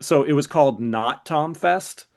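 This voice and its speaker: A man hosting a podcast, recounting a story in relaxed casual chat, with fillers like "you know" and "like". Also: fairly high pitch, unhurried. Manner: relaxed, loose telling with fillers. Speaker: podcast host.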